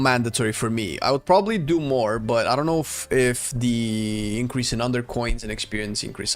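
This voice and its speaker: A male streamer talks through his game in a relaxed, chatty way, answering his chat as he goes. His voice is mid-pitched with a gravelly, frayed edge. Faint music plays softly under him. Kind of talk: casual gameplay commentary.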